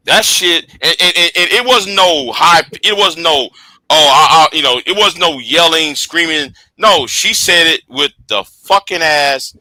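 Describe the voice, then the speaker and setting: A man hosting a casual livestream, rambling with repeated words, profanity and quiet trailing asides. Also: a little high, no echo. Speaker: livestream host.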